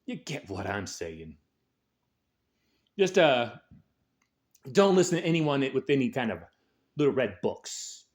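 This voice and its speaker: A man's voice: mid-range voice, big pitch swings, measured pace, long pauses. A man hosting a show, delivering an angry, aggressive political rant full of swearing. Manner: angry, aggressive, heavy swearing, shouted peaks. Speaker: host.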